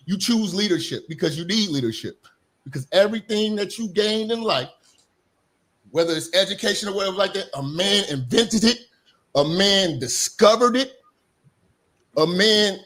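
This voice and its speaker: A man's voice: sits high, fairly bright tone. A man lecturing emphatically and repetitively in a heated streamed debate. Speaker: debate guest.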